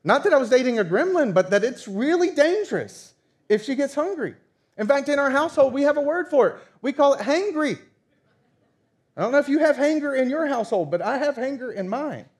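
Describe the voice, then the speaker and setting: A man in his thirties preaching a sermon, telling stories with lively acted-out dialogue. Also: very high voice, a little fast. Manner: animated storytelling, acts out quoted dialogue. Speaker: pastor.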